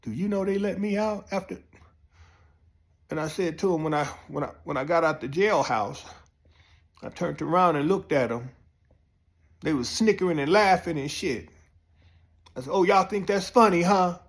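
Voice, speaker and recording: A man tells a rowdy comic tale, his voice a touch high and leaping up into squeals at the wild moments. He speaks with a loose, profane delivery. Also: normal speed, long pauses. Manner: animated, profane, squeals into high pitch when excited. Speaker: comedian storyteller. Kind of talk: comic monologue.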